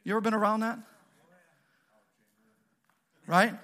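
A male pastor preaching a sermon in an animated, joking, conversational way, often asking the audience questions. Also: sits high, quick pace, pauses often.

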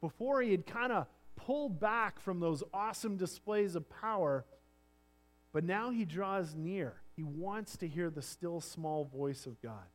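Higher-voiced man preaching a sermon. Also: expressive, a little slow. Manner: earnest preaching, drops to near-whispers and swells louder for emphasis. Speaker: pastor.

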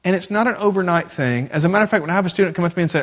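A man's voice: a little high, very fast. A man giving a sermon as a youth pastor, often repeating himself and asking the audience rhetorical questions.

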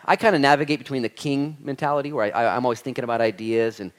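A man in his thirties, a pastor preaching a Bible study sermon with lively acted-out quotes and humor. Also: mid-range voice, quick pace, hardly any pauses.

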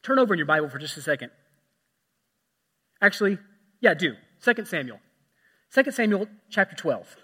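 A man preaching a sermon, swinging from loud emphatic passages to hushed asides. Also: sits high, big pitch swings, brisk, pauses often, breathy edge, big-room sound. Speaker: pastor.

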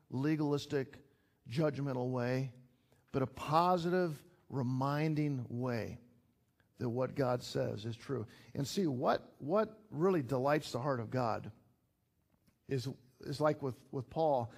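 A middle-aged man preaches to a small church gathering, talking plainly and warmly conversational before pressing his points with emphatic rises. His voice sits in an ordinary middle pitch for a man. He sounds like a pastor addressing his own congregation. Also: vocal fry. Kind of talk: sermon.

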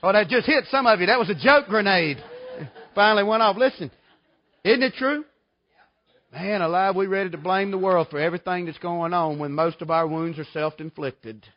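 A man's voice: sits high, a little fast, no echo, lo-fi sound. A man preaching a sermon, telling folksy stories with emphatic bursts. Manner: folksy, emphatic storytelling with sudden loud outbursts.

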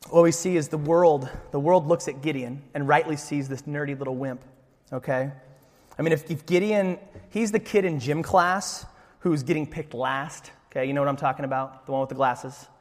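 A man preaching a sermon in a lively, joking way, acting out the voices of the story. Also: on the high side, big-room sound. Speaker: pastor.

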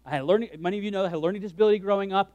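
A man preaching a sermon as pastor, animated and joking, acting out his own thoughts in quick asides. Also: high-pitched, no echo, dull audio.

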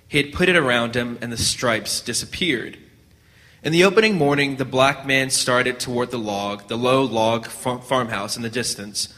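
A man reads a story aloud in a bright, forceful voice, measured and steady. Now and then he stumbles and restarts a word. A long hall reverb follows his reading. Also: mid-range voice. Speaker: narrator.

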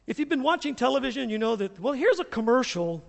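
A middle-aged man from the US South, a pastor preaching a sermon and telling stories in an animated, chuckling way. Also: very high-pitched, quick pace, vocal fry, long reverb tail. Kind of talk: sermon with storytelling. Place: church sanctuary.

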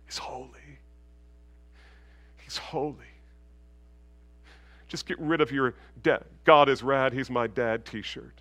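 A man preaching a sermon, swinging from loud proclamation down to a hushed near-whisper. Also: a little high, no echo. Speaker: pastor.

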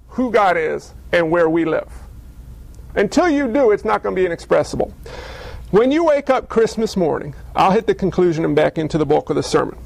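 A male pastor in his thirties preaching a sermon in a conversational, animated way, acting out little dialogues. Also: high voice, creaky.

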